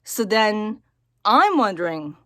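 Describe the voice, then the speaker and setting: A woman talking casually to camera in a personal vlog, halting and repeating her words as she thinks aloud. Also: medium pitch, sing-song, sharp tone, dry recording, studio quality. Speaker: vlogger.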